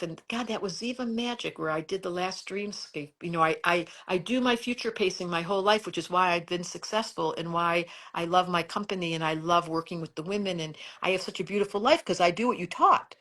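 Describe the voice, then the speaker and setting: A woman's voice: lowish voice, brisk, fairly bright tone. A middle-aged woman astrologer chatting emphatically and rambling a little on a live stream.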